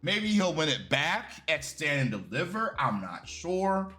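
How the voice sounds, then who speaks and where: Bright-voiced, profane male wrestling reviewer. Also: a little high, a little slow, faint music behind. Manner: profane, animated and opinionated. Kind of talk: casual video review.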